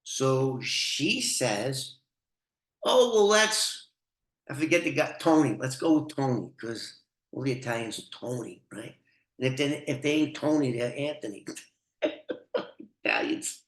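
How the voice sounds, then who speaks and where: Older male storyteller, unhurried, foul-mouthed, bright and echoey. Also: mid-range voice. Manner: profane, rambling, laughs often. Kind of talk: casual storytelling. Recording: roomy echo.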